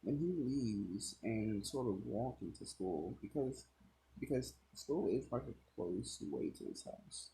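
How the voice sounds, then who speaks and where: Slow, rambling young storyteller man. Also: medium pitch, animated, vocal fry, mellow, poor audio. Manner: rambling asides, swears, many fillers. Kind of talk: casual fan-story narration.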